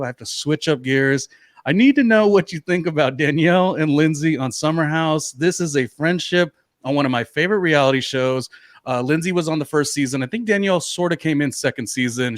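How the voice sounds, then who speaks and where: A man's voice: on the high side, no room sound, studio quality. A man hosting a podcast interview, chatty and enthusiastic, asking questions with casual fillers. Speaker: podcast host.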